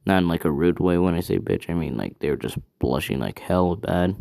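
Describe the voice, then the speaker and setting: A man with a very low voice and a gravelly, creaky edge spins a fan story off the cuff. He rambles casually, pausing to think aloud and backtracking to fix his own details. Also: expressive, dark tone. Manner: rambling, thinks aloud, corrects himself often.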